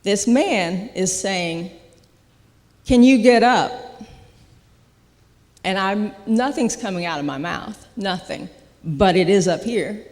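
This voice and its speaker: Slow, earnest testimony speaker at a church service, mid-pitched and halting, heard with long sanctuary reverb. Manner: halting, earnest, with frequent restarts and soft laughs. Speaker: guest speaker sharing a testimony.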